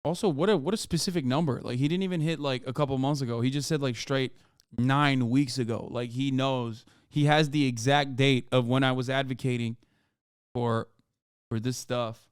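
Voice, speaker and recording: A man's voice: mid-range voice, steady tone, moderate pace, smooth, no echo, clean studio sound. A man streaming casual commentary on clips, ranting in a profane, exasperated way. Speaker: streamer reacting to videos.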